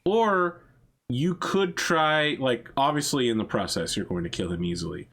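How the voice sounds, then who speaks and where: A man's voice: medium pitch, lively intonation, normal speed, fairly bright tone. A man running a tabletop role-playing game, casually explaining rules and outcomes and laughing often. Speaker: game master.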